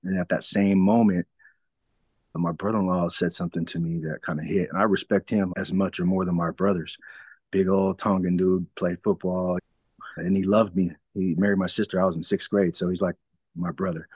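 An interview guest with a very low, husky, slightly mellow voice speaks frankly about his life at a moderate pace and level tone. He laughs through painful memories and acts out past conversations, recorded dry and close without room echo.

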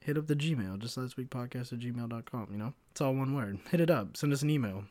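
A man's voice: medium pitch, brisk, mellow. A man in his twenties hosting his own podcast alone, rambling loosely, swearing often and laughing at his own jokes. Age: 20s. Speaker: podcast host. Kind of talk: casual solo podcast rant.

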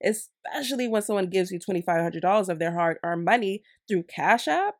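A woman vlogger giving commentary, indignant and animated, who laughs as she rants. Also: mid-range voice, fairly quick, hardly any pauses, dry recording, clean studio sound. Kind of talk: commentary and storytime.

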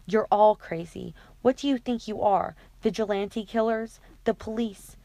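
A woman's voice: on the low side, steady tone, normal speed, darkish tone, no echo, close to an everyday voice. A woman reading the lines of a frightened but defiant teenage girl in an audiobook, her voice rising and insistent.

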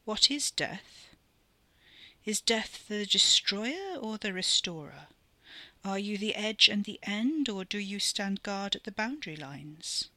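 A woman voicing a calm, cryptic ancient enchanter. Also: medium pitch, no room sound, heavily acted. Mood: riddling. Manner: measured, riddling, unhurried.

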